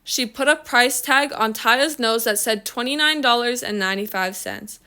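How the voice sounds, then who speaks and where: A woman reading a children's story aloud in a slow, expressive storytelling manner. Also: on the high side, clear, resonant tone. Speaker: reader.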